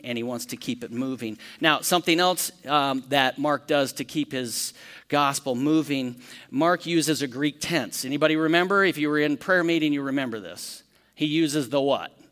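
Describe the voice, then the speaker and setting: A man teaching a Bible study as pastor, talking conversationally, asking the room questions and acting out quick lively storytelling examples. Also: mid-range voice, big-room sound.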